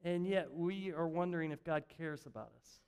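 A man's voice: a little high, moderate pace, darkish tone, clean tone. An older man giving a sermon as a pastor in a church, telling stories in a chatty, self-mocking way and often restarting his sentences. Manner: conversational, self-mocking storytelling with frequent restarts. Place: church sanctuary.

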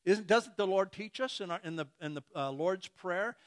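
A man's voice: high-pitched, normal speed. A man preaching a sermon who acts out imagined dialogues and chuckles between points.

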